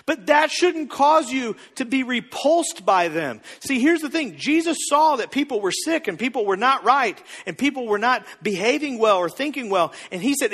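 High-voiced man preaching in a reverberant hall. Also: a little slow, hardly any pauses, breathy edge. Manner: casual, joking, animated, acts out quotes. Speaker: pastor. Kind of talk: sermon.

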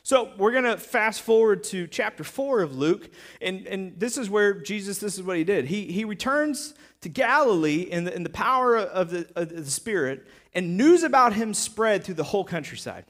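A man's voice: high voice, lively intonation, moderate pace, fairly bright tone. A man giving a casual, joking sermon as pastor, acting out stories and quotes with many restarts.

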